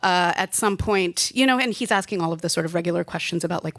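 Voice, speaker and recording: A woman's voice: lowish voice, fast talker, a bit bright, dry recording, clean studio sound. A woman in her late twenties from India telling a personal story to a live audience. She speaks into a handheld stage mic in a chatty, wry way and laughs now and then. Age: late 20s.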